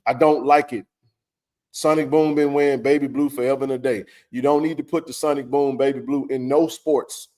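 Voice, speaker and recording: A man's voice: medium pitch, steady tone, brisk, dark tone. A man hosting a sports talk stream from a home setup. He rants in a heated, blunt way and swears often, in a casual conversational tone.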